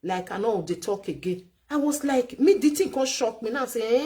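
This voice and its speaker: Woman vlogger, Nigerian Pidgin accent, fairly high voice, preachy chatty advice delivery. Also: lively intonation, moderate pace, warm tone. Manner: chatty, lecturing, repeats herself for emphasis. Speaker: vlogger giving relationship advice. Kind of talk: casual commentary.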